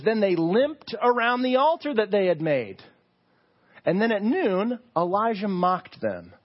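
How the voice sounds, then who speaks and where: A man preaching a sermon as pastor, telling the story with animated asides and rhetorical questions. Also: high-pitched, breathy edge, dull audio.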